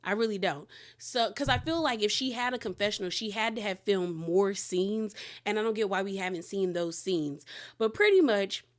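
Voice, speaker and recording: A woman's voice: medium pitch, lively intonation, moderate pace. A woman hosts a casual recap of a reality show. She tells the story with big energy and acts out each quote as she goes, and her chat is loose and full of laughter.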